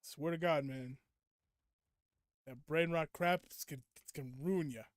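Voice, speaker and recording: A man's voice: a little high, normal speed, no echo, clean studio sound. A young man streaming a game and chatting casually with viewers, ranting at them in playful mock indignation. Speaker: gaming streamer. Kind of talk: casual live gameplay chat.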